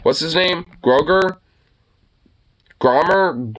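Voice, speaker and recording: A man's voice: fairly high pitch, takes it slowly, a bit bright, a little hiss or hum. A young man streaming, reacting to a video in a rambling, profane way with many stammered restarts. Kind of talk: casual reaction commentary.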